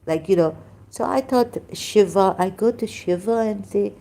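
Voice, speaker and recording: A woman's voice: mid-range voice, measured pace, gravelly, dark tone. A woman with a Persian accent, speaking in broken English, hosts a rambling religious commentary live stream and often halts and interrupts herself.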